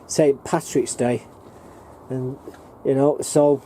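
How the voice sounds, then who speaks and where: Carrying his camera around his allotment, a northern English gardener and vlogger rambles plainly through a walking tour. His mid-range voice is steady and dark in tone, his pace slow, and faint outdoor sounds linger in the background.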